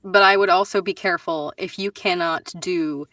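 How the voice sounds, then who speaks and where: A woman's voice: lowish voice, fairly even intonation, normal speed, a bit bright, dry recording. A woman voice actor on a panel, chatting casually and giving emphatic advice. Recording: dry sound, distant from mic.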